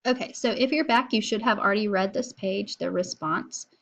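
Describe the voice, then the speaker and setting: A woman teacher walks her students through a recorded lesson in a relaxed, chatty way. She explains as she goes, often pausing on an um or uh. Her voice sits at an ordinary middle pitch. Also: muffled recording. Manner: casual and explanatory, with frequent fillers.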